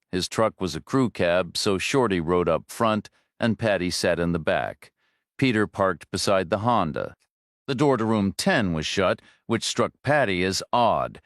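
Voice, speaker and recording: A man narrating a thriller audiobook in a steady, even storytelling manner. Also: low-pitched, no echo. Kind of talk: scripted narration. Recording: dry close studio read.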